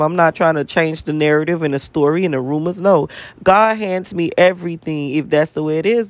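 Man, high-pitched, profane repetitive rant, dry close sound. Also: no room sound. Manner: profane, emphatic, repeats phrases for emphasis. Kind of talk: casual spiritual rant to camera.

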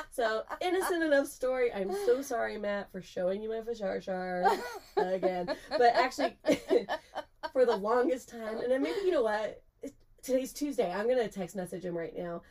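A woman's voice: fairly high pitch, moderate pace, a little hiss or hum. Laughing woman telling a wild story. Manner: laughs often, animated, swears freely. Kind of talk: casual storytelling chat.

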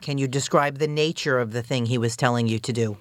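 A woman prosecutor questioning a witness in court, with measured, probing questions. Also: extremely low pitch, dry recording, clean studio sound.

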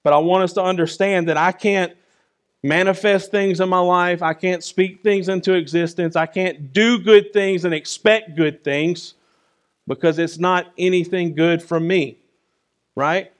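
A man's voice: sits high, steady tone, unhurried. Man preaching with rising and falling force. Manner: emphatic, swings between loud and soft; conversational, often asks "right?". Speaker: pastor. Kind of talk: sermon.

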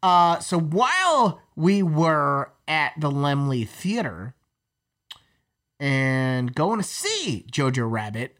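A man's voice: fairly high pitch, sing-song, takes it slowly, fairly bright tone. A man co-hosting a podcast, chatting casually with a rambling, profane manner full of fillers and restarts. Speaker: podcast co-host. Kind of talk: casual chat.

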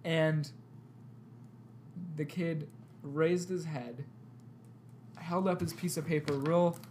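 A young man co-hosting a podcast, telling an animated story with lots of laughter and loud outbursts. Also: a little high, slow, slight background noise. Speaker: podcast co-host. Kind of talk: casual chat, storytelling.

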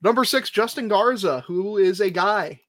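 A man's voice: sits high, normal speed, fairly bright tone, no room sound. Joking man on a sports podcast. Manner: laughing, joking, profane banter. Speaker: podcast co-host. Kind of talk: casual sports podcast chat. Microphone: phone.

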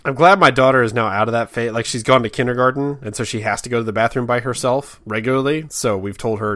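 A man's voice: medium pitch, steady tone, fast talker, hardly any pauses, fairly bright tone, dry recording. A man co-hosting a casual chat with dry, self-deprecating humor. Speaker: podcast co-host.

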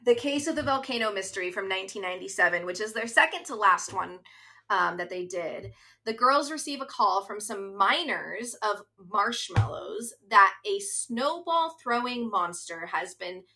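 Bright, chatty woman in her thirties. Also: mid-range voice. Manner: earnest and chatty, reads episode summaries aloud. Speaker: podcast co-host. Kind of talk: casual chat.

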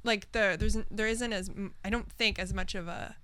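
A woman's voice: medium pitch, fairly even intonation, moderate pace, fairly bright tone. A woman in casual chat, thoughtful and hesitant, talking with many fillers.

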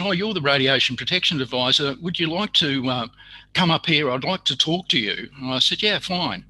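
An older man, a retired physicist telling a long story in an interview, pausing often with fillers and restarts. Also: medium pitch, pushed and bright, husky, low-quality recording. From Australia. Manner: halting, full of fillers and restarts, acts out quoted dialogue. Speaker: guest, retired radiation physicist.

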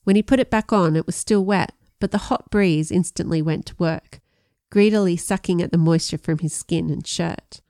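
A woman narrating a first-person audiobook in a measured storytelling way, with lively voiced dialogue. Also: fairly low pitch, dry recording, clean studio sound.

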